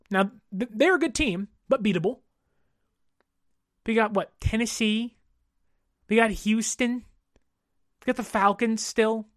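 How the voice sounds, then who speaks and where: A woman in her thirties hosting a sports podcast, ranting in an exasperated, animated way with mocking mimicry. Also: a little high, no echo, studio quality. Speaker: podcast host. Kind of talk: casual sports podcast rant.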